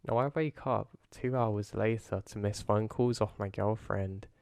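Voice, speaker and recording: A man calmly narrating a first-person horror story in a low-key way. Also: a little slow, gravelly, no echo, studio quality. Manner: calm, low-key retelling.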